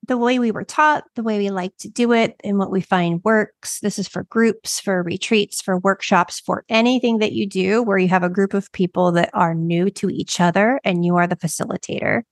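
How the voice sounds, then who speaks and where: A woman's voice: medium pitch, no echo. Reflective woman coach, dry close mic. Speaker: podcast co-host and coach. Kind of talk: casual podcast conversation.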